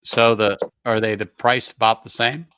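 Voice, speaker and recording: A man hosting a live stream, chatting casually over a whiskey tasting on a video call, relaxed and stumbling into restarts. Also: mid-range voice, normal speed, clear, resonant tone, no room sound.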